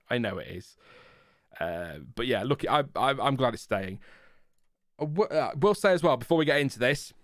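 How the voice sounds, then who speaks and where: Speaking at a medium pitch, the same kind of host, a British man on a home live-stream watchalong, keeps up a chatty, self-deprecating patter full of laughter. The sound is clean studio quality with no room sound, captured through headphones and a desk mic.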